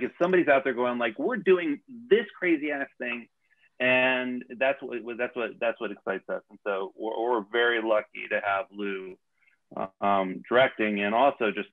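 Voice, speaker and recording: A male showrunner speaking casually in an interview on a video call, rambling with many restarts. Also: on the low side. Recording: tinny phone-like line.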